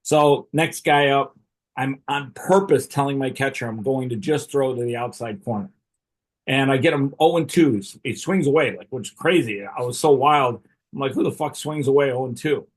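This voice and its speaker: A middle-aged man with a husky voice spins a casual, profanity-laced yarn. He talks loosely and chuckles through the telling, like a podcast host swapping stories. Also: medium pitch, normal speed. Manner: profane, laughing storyteller. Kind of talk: casual storytelling.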